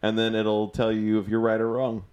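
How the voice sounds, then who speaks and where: A man co-hosting a podcast in casual chat, laughing easily and reading news items aloud with halting restarts. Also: on the low side, monotone, darkish tone, muffled recording, a little hiss or hum. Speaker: podcast co-host.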